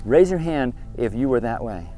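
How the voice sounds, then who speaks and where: Faint music sits behind a man who leads kids on an outdoor trip and lectures them sternly, hammering them with repeated questions and commands. He has an expressive, mellow mid-range voice and speaks at normal speed.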